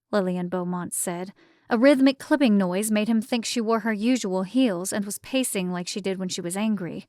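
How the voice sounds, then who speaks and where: A woman reads a fantasy novel aloud in a measured, even way. Her voice sits at a middle pitch for a woman and is recorded close and dry, with no room sound. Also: no echo. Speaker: audiobook narrator. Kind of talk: scripted narration.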